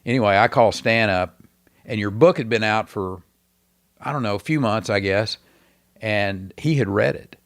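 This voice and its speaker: A very deep-voiced man with a Texan drawl spins long stories as a podcast guest. He wanders through his tale, stopping often for fillers and restarts. The sound is dry and close. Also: vocal fry, no room sound. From Texas. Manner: rambling, hesitant with many fillers. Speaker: guest, former governor. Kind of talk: casual storytelling interview.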